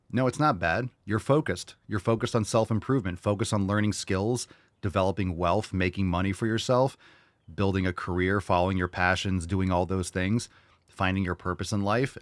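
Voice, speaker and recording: A man's voice: deep voice, no room sound. A man hosting a fitness podcast, casually answering listener questions in a blunt, joking way with some swearing.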